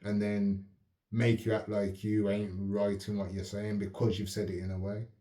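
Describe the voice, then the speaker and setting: A man hosting his own channel, talking in a calm, measured, reflective way and often asking if the listener follows. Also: lowish voice. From United Kingdom. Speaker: channel host. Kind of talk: reflective casual talk to camera. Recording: roomy echo.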